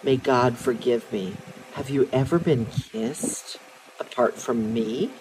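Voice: medium pitch, slow, noisy background, natural voice. A reader voicing an intense, commanding young man. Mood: insistent.

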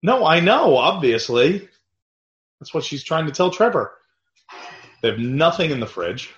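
A man's voice: on the high side, unhurried. A man co-hosting a podcast, chatting crudely and laughing as he comments on a movie. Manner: animated, crude, laughing, acts out quotes. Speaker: podcast co-host. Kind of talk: casual movie commentary chat. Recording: roomy, dull lo-fi podcast audio.

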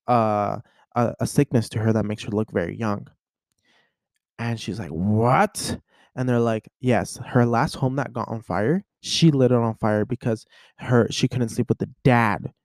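Animated young man recapping a story. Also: mid-range voice, a little slow, dry recording, clean studio sound. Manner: animated storyteller, acts out voices. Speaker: podcast host. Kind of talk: casual chat.

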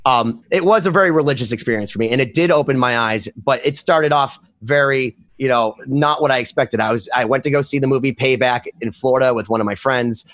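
A man in casual podcast chat, telling a story with lively swings in his voice for quoted friends. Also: mid-range voice, fairly quick, hardly any pauses.

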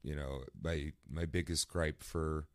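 Deep-voiced chatty man. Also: slow pace, no echo, clean studio sound. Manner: conversational, many fillers, animated asides. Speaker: podcast co-host. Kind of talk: casual philosophical discussion.

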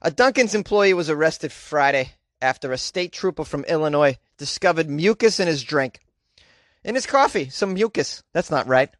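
Over-the-top Boston-accented newsman with a dry, close sound, as a man puts him on, mock-outraged, higher voice. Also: lively intonation, moderate pace, a bit bright, dry recording. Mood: mock-serious. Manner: exaggerated, mock-outraged, wry asides.

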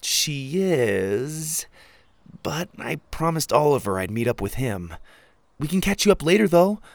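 A man's voice: fairly high pitch, big pitch swings, unhurried, creaky, dry recording, voice pushed up, exaggerated voice. A man voicing a spirited young girl who is bold, protective and insistent. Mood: reassuring. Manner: urgent, insistent pleading.

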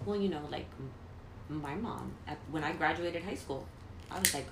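A young adult woman recounting a story in casual chat, in a soft-spoken, wry way. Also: sits low, moderate pace, vocal fry, echoey room, noisy background.

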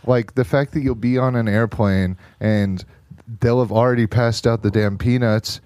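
A man's voice: medium pitch, fairly even intonation, normal speed, a little mellow, dry recording, clean studio sound. An American man co-hosting a podcast in casual banter, laid-back and wry. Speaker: podcast co-host.

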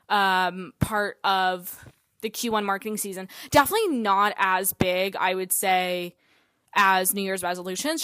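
A woman's voice: medium pitch, a bit bright, dry recording. A woman hosting a solo podcast in a casual, chatty way, full of fillers and the odd swear word. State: out of breath. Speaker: podcast host.

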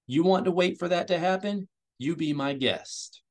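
A man's voice: sits high, normal speed, a little mellow, pitched above the performer's own voice. A man voicing a nervous, surly young male thief who growls his lines harshly and defensively.

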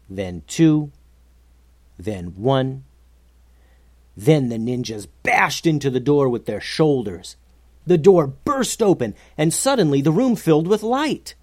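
Animated children's-story narrator, lively pitch, unhurried. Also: dry recording. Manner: animated, expressive.

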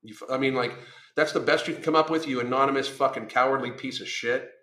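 A man's voice: mid-range voice, fairly even intonation, fast, bright, forceful tone, echoey room. A man who is a weight-loss coach, delivering a blunt, combative monologue full of swearing. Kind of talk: profane ranting monologue.

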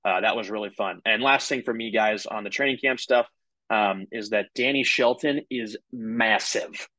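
A man's voice: fairly low pitch, normal speed, sharp tone, no echo, poor audio. A man co-hosting a casual sports podcast, talking in a loose, rambling way full of "like" and "uh" and swearing freely. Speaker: podcast co-host.

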